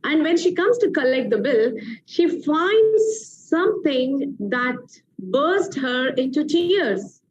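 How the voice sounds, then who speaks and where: High-voiced woman hosting a motivational show. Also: very animated, slow, lo-fi sound, background noise. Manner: emphatic, repeats phrases. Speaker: TV show host. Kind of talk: motivational storytelling introduction.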